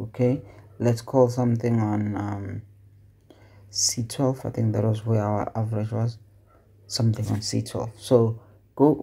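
A man teaching spreadsheet formulas in a casual tutorial, talking things through out loud and asking himself questions. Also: mid-range voice, gravelly, husky. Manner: conversational, asks questions and answers them himself; thinks aloud with fillers and self-corrections. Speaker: Excel tutor. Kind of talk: casual screen-recorded tutorial.

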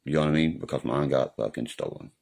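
A man's voice: a bass voice, fast talker, creaky, darkish tone. A man talking casually on a live stream in a rambling, profane way, often asking if you know what he means. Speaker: livestreamer. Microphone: phone or webcam on a live stream.

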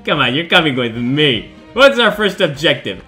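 A man playing a horror game and commenting on it in a goofy, joking, excitable way. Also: on the high side, normal speed, few pauses, over music. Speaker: gaming video host.

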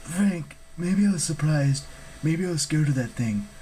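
A man's voice: a little high, lively intonation, moderate pace, mellow, a little hiss or hum, close to an everyday voice, rough recording. A man voicing an earnest, reassuring teenage girl in a storybook.

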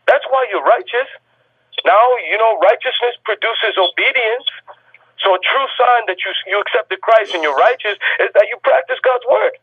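A man preaching a fervent sermon, insistent and repetitive, pushing his points harder and louder at times. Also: sits high, moderate pace, breathy edge, dry recording. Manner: insistent and repetitive, rising to shouts. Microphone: telephone. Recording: tinny phone line.

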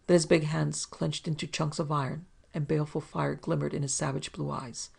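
A woman reads a pulp adventure tale aloud with measured, even pacing. Her voice is gravelly and husky, with a flat pitch that barely moves. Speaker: narrator and producer. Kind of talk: scripted narration of a pulp adventure story.

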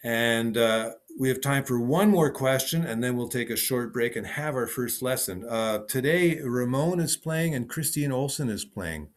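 A man of ordinary pitch leads an online piano lesson. He talks things through as he goes, repeating short phrases while he demonstrates at the keyboard. His voice comes through a video call. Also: normal speed, few pauses. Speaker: piano teacher. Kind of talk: online teaching session.

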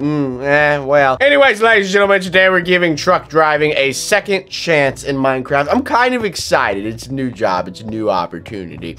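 A young man giving excited, playful commentary on a video game as he plays, with an exaggerated, energetic delivery. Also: mid-range voice. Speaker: gaming YouTuber. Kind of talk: excited let's-play commentary.

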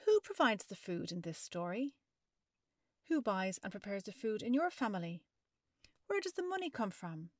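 A woman reading a children's picture book aloud as a storyteller, expressive and stopping to ask the listener maths questions. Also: medium pitch, normal speed, no echo, clean studio sound.

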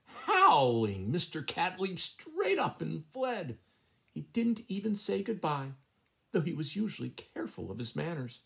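A man reading a fairy tale aloud as a bedtime story, in an expressive, sing-song way. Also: on the high side, unhurried, creaky.

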